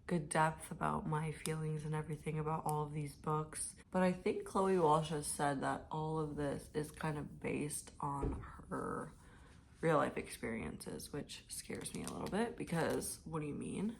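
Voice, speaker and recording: A young woman with a lowish voice, vlogging in a tired, low-key way. She chats casually, mumbles a little and trails off. A faint hiss sits under the recording. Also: creaky. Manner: chatty and rambling, with fillers. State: out of breath. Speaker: booktube vlogger. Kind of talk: casual vlog chat.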